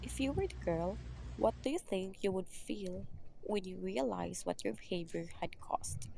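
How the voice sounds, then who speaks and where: A woman's voice: mid-range voice, lively intonation, measured pace, vocal fry, mellow, a little hiss or hum, poor audio. A young woman reads out her lesson presentation as a student teacher, going through numbered steps and questions. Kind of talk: reading a prepared lesson presentation.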